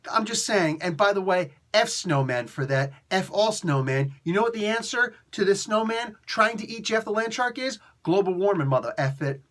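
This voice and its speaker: A man reviews comics in a casual, excitable rant. He gets playfully mock-outraged, throws in slang and laughs often. His voice sits on the high side for a man. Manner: excitable ranting with frequent laughs.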